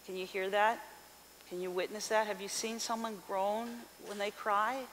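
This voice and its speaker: A woman pastor reading scripture and preaching a sermon in an expressive voice, asking the congregation questions. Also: medium pitch, moderate pace. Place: church sanctuary. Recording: reverberant hall with faint hiss.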